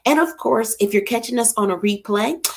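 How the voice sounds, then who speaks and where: A woman's voice: on the high side, moderate pace, creaky. A middle-aged woman, hosting a casual live stream and chatting with viewers by name. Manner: lively, chatty, greets viewers by name, Southern church expressions. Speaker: livestream host.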